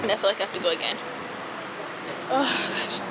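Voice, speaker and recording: A woman's voice: mid-range voice, lively intonation, brisk, background noise. A pregnant young woman rambling in a casual vlog, cranky and stressed. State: pregnant and tired. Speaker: vlogger.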